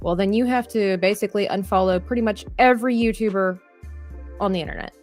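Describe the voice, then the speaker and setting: A woman at a mid-range pitch hosts a live art stream and talks through her thoughts in an earnest, rambling way, often restarting sentences and reading chat comments aloud. Soft music plays faintly behind her voice. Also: fast talker. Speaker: livestream artist host. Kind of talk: casual livestream chat while drawing.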